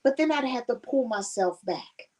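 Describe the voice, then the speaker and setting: A woman's voice: fairly high pitch, animated, normal speed, darkish tone, a little hiss or hum. Emotional woman, slightly distant mic. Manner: earnest and emotional, often laughs. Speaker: conference panelist. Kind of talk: personal testimony at a panel.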